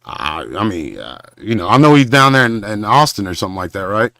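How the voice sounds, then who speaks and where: Rambling man, lively pitch. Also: gravelly, dry recording, clean studio sound. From Southern Oklahoma. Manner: rambling, halting, with preacher-like condemnations. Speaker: show host. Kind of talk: confrontational livestream rant.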